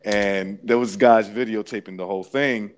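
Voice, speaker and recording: A man's voice: fairly low pitch, fairly even intonation, normal speed, smooth. A man in a casual podcast chat, talking bluntly and crudely.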